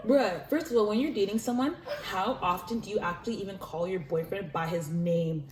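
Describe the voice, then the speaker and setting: A woman hosting a casual chat show, animated and swearing freely as she acts out what other people said. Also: on the high side, fast. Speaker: host. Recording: echoey room with faint noise.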